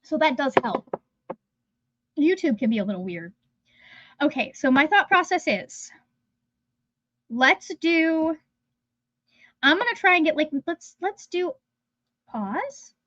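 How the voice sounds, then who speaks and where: Woman, high voice, casual livestream host, rambling chatty talk, dry close sound, slightly muffled. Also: very animated, slow, pauses often, a bit bright, no room sound. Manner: rambling, chatty, trails off mid-sentence. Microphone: phone.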